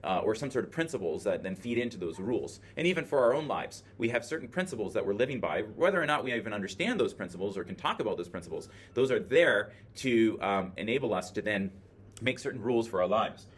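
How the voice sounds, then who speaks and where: A man's voice: fairly low pitch, lively intonation, fast, a little hiss or hum. A man teaching a classroom lecture, explaining ideas while thinking aloud with many filler words, recorded by a camera in the room. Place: classroom with a screen. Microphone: video camera in the classroom.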